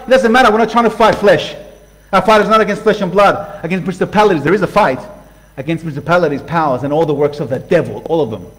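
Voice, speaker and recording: High-voiced man preaching. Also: poor audio. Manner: passionate, swings from loud to hushed; acts out voices for illustration. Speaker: pastor. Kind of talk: sermon.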